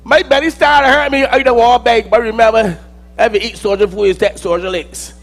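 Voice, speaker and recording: A man with a Barbadian accent performing a dramatic spoken-word monologue, theatrical and swinging between loud outbursts and low mutters. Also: fairly even intonation, fairly quick.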